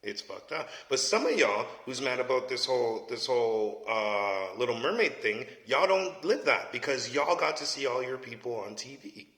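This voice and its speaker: A man's voice: mid-range voice, lively intonation, moderate pace, hardly any pauses, a bit bright. A man, giving a blunt, profane, casual opinion rant and often asking "you know what I mean?". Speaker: commentator. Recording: echoey space with long reverb.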